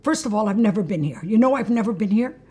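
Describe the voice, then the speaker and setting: A woman voicing a venerable male prophet in a spoken story, asking gentle, earnest questions. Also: mid-range voice, lively intonation, quick pace, husky.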